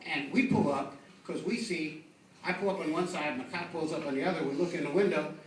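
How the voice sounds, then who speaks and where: A man's voice: a little high, a little fast. A man doing stand-up, telling cop stories with lots of fillers and restarts. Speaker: stand-up comic. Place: comedy club stage. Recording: echoey club from a distant mic with faint noise.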